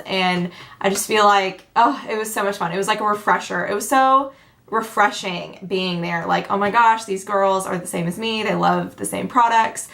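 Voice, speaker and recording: A woman in her twenties from Tennessee, chatting casually to camera as a beauty vlogger, bubbly and talkative. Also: fairly bright tone. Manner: bubbly, chatty, acts out quotes with big pitch jumps.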